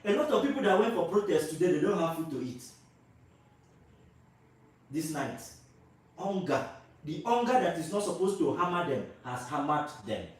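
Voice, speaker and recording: A Nigerian man speaking his mind to camera with a fairly high voice, pressing his points with repetition and rhetorical questions. His voice booms around a very echoey room, picked up from a little way off the mic. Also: big pitch swings, moderate pace, pauses often, recorded from a distance. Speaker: vlogger. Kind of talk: opinionated commentary to camera.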